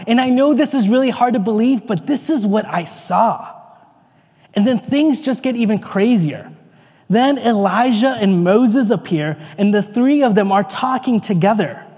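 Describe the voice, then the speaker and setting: A man playing a bewildered, excitable apostle, telling his story in earnest, rambling first-person monologue. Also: sits high, slightly rough, long reverb tail. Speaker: actor in a church dramatic monologue.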